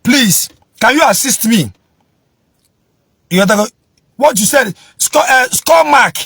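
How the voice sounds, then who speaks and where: Nigerian Igbo man, stammering pleader turned preacher, husky high voice, dry close sound. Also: animated, measured pace, fairly bright tone, no room sound. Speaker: social media speaker begging for help, then preaching.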